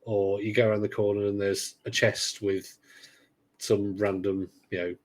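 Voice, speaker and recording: A man's voice: on the low side, flat delivery, measured pace, slight background noise. A man hosting a casual podcast chat, talking in a rambling, hesitant way with dry sarcasm. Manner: rambling, hesitant, many fillers and restarts; dryly sarcastic. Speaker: podcast host.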